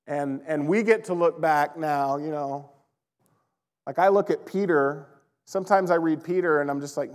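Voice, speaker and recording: A man preaching a sermon as pastor, in a conversational, animated way, laughing now and then. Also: on the high side, moderate pace, in a large hall.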